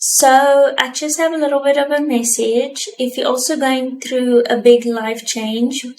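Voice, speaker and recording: A woman's voice: high voice, steady tone, a little mellow, slight background noise, low-quality recording. A young South African woman talking to camera in a heartfelt, reflective personal vlog. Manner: earnest, heartfelt, slow and thoughtful. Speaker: vlogger.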